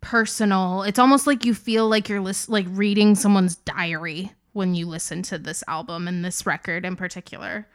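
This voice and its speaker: A woman's voice: medium pitch, steady tone, moderate pace, few pauses, clean tone, dry recording, clean studio sound. A woman from the American South co-hosting a podcast, chatting about music in a laid-back, agreeable, slangy way. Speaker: podcast co-host. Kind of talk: casual chat about music.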